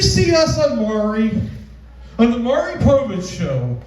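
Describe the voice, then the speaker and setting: A man performing a live stand-up comedy set, telling stories in a slow, drawn-out way and switching into high, squealing voices when he quotes the women. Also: wildly swooping pitch, a little mellow, highs cut off. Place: small comedy club stage. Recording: distant mic in an echoey club.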